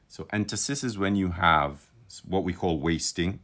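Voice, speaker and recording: A man's voice: low-pitched, moderate pace, hardly any pauses, fairly bright tone. A man teaching calligraphy on a live stream, musing aloud with enthusiasm, often restarting his sentences. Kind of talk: live-streamed lesson, casual commentary.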